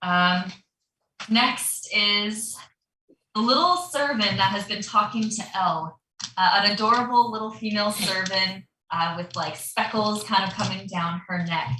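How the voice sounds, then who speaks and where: Bright-voiced woman narrating a tabletop game. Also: mid-range voice, unhurried, echoey room, distant mic, a little hiss or hum, low-quality recording. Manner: loose, descriptive narration with many fillers. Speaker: dungeon master.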